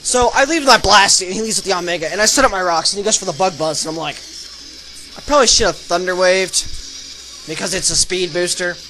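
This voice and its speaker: A young man narrating his online game battles as a channel host, energetic and breaking into loud excited shouts. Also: high-pitched, brisk, low-quality recording. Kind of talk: excited battle commentary over gameplay video. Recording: voice-over with faint background music.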